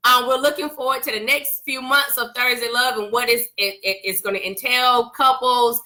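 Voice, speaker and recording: A woman co-hosting a couples talk show, chatting casually in a lively storytelling way, repeating words as she goes. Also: a little high, normal speed. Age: adult parent. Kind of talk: casual chat.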